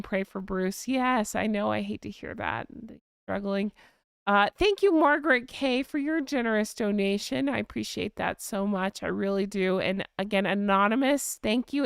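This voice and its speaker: A woman's voice: mid-range voice, clear, resonant tone, no echo, studio quality. A woman hosting a casual live chat, gushing and effusive as she thanks viewers by name. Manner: thanks donors warmly by name. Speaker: live-stream host.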